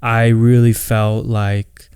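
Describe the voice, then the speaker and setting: A man's voice: lowish voice, little pitch movement, takes it slowly, a little mellow, clean tone, no room sound, clean studio sound. A man in his late twenties, co-hosting a podcast, telling family stories loosely and swearing freely. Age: 20s. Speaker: podcast co-host. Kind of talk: casual chat.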